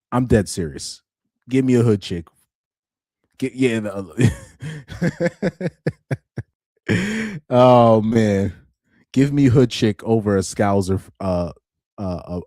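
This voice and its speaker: A man's voice: lowish voice, mellow, dry recording, clean studio sound. A young man on a live stream reacting to articles, laughing often, repeating himself and restarting his sentences in casual chat.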